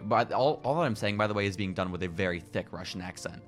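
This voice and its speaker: A young man co-hosting a podcast in casual chat, animated, acting out lines as he retells scenes. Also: lowish voice, fast talker, soft background music. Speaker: podcast co-host.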